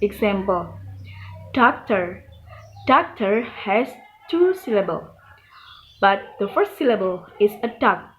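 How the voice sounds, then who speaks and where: A woman's voice: medium pitch, big pitch swings, unhurried, a little hiss or hum, rough recording. A woman with an Indonesian accent presenting a class lesson, reading rules and examples step by step. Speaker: student presenter.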